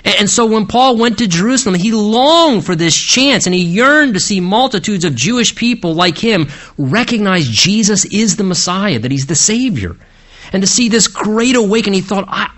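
A man's voice: high-pitched, animated, moderate pace, a bit bright. A man preaching an expository sermon, retelling the story dramatically and asking the listeners rhetorical questions.

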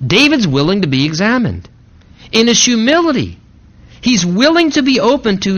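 Male pastor, expressive pitch, teaching a sermon on a dull lo-fi recording. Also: normal speed. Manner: expository Bible teaching, dramatizing quoted lines.

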